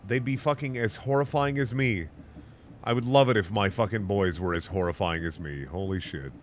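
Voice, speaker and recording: A man's voice: fairly low pitch, normal speed, slight background noise. A man casually commenting while streaming a video game, playful and profane.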